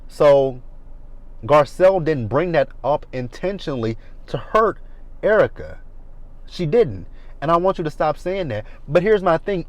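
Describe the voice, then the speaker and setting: A man's voice: fairly high pitch, a little mellow, dry recording, low-quality recording. A man in his thirties giving a blunt, profane casual recap of a reality TV episode from his car. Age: 30s. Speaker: reality TV reviewer. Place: parked car.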